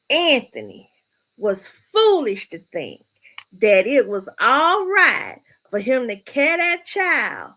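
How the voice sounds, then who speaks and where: Lively high-voiced woman presenting a word. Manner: animated, sassy and gossipy, addresses viewers as y'all. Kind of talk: folksy live-stream segment.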